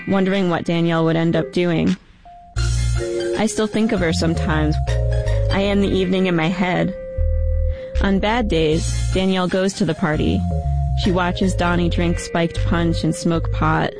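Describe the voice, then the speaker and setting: A narrator telling a first-person story in a reflective, measured way. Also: mid-range voice.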